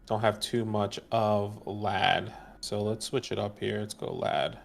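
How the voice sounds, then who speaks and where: Man, lowish voice, joking co-host, relaxed delivery, faint music behind. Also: slow, gravelly. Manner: joking, easygoing, teasing. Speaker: co-host of a fantasy football stream. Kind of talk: casual live-stream chat.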